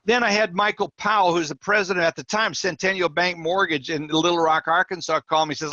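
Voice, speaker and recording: A man's voice: sits high, brisk, few pauses, no echo, muffled recording. A middle-aged man, a mortgage industry coach, telling stories as a podcast guest and acting out the dialogue with energy. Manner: animated storyteller acting out quoted dialogue. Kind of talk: storytelling in a podcast interview.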